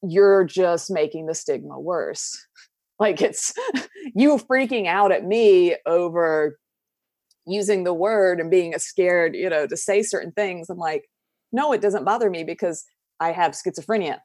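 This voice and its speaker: Candid Southern US woman, lowish and dry. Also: a little slow, darkish tone, no echo. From southern United States. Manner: candid, laughs often, trails off with fillers. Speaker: guest. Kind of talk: casual podcast conversation.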